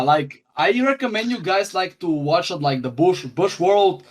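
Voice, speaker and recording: Brief: young guest, rambling with many fillers and a slightly raised pitch. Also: male voice, animated, measured pace, hardly any pauses. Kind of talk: casual podcast chat.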